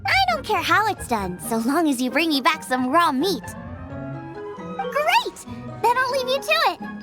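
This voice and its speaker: Eager young female chef, bubbly, rambling, high voice, game cutscene, music behind. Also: measured pace, heavily acted. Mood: friendly. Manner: excitable, rambles about recipes.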